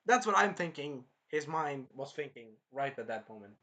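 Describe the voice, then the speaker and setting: Excitable man with a bright voice. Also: medium pitch, normal speed. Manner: excitable, rambling, swears often. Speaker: anime reviewer. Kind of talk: casual video review.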